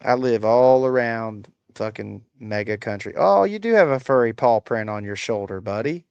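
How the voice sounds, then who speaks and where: The medium-pitched voice is animated yet creaky and darkish, delivered at a moderate pace; the sound is clean with no echo but somewhat dull. He's an American livestream host in a rural home, mocking comments in a crude, rambling chat.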